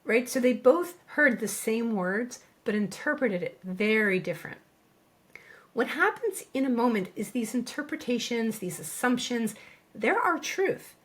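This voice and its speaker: A middle-aged woman, a veterinarian and coach, co-hosting a podcast and talking listeners through their thoughts in a calm, reassuring way, slowing down to stress key phrases. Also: a little high, breathy edge. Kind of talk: scripted podcast monologue.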